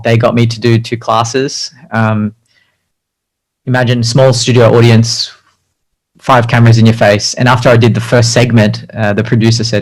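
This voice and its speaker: A man's voice: mid-range voice, flat delivery, moderate pace, rough recording. Man, interview guest; casual, filler-heavy, self-deprecating storyteller. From Australia.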